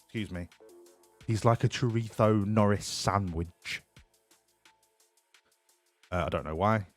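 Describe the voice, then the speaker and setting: A man's voice: on the low side, slow, soft background music. A man casually commentating a game on a live stream, joking, swearing and laughing often. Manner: jokey, profane, laughs often.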